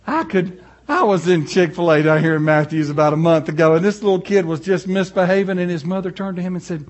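Male pastor, slightly higher pitch, folksy animated sermon delivery with story asides. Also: fast, muffled recording.

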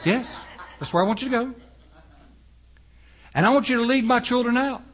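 A man's voice: very high voice, normal speed, pitched above the performer's own voice. A male preacher voicing God as a casual, folksy, plain-talking man. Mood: instructive.

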